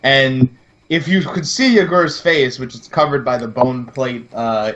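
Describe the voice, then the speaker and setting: A man's voice: medium pitch, a bit bright. A man playing in a tabletop role-playing game, describing his character's moves hesitantly with many fillers. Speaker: player. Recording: dull lo-fi sound.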